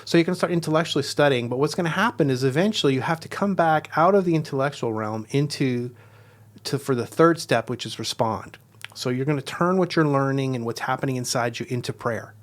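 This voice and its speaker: A man speaking as a guest, explaining a devotional method in an earnest, reflective way and slowing down to stress key words. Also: medium pitch. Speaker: guest teacher.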